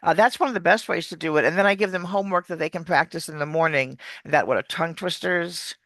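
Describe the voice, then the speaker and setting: Bright, chatty woman coach. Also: on the low side, quick pace, no room sound. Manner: chatty, explanatory, restarts words. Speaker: accent coach. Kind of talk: casual video-call interview.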